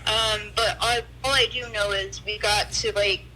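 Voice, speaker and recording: A woman's voice: mid-range voice, steady tone, a little slow, pushed and bright, slight background noise, low-quality recording. A woman in grief, speaking bluntly and from the heart as a guest on a casual podcast chat, with swearing. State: grieving. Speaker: guest on the line.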